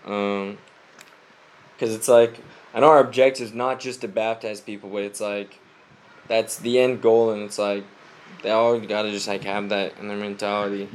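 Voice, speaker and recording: A man's voice: on the low side, little pitch movement, moderate pace. A young man, a missionary, giving a casual spoken update to his family, rambling with many "like"s and frequent laughs, his voice slightly stuffy from a cold. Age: young adult. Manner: rambling, heavy use of "like", laughs often.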